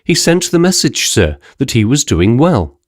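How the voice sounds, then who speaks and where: A man's voice: mid-range voice, very animated, normal speed, dry recording, clean studio sound. A man voicing a respectful young male messenger who keeps addressing his listener as sir, in an audiobook. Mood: urgent, respectful. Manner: deferential, keeps saying sir.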